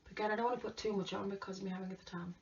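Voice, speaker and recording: A woman chatting casually to viewers during a makeup tutorial, often dropping to soft murmurs. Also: mid-range voice, fairly even intonation, rapid-fire, gravelly. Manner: chatty, talks to viewers while applying makeup, drops to murmurs. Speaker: makeup vlogger. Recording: distant lo-fi home recording with faint hiss.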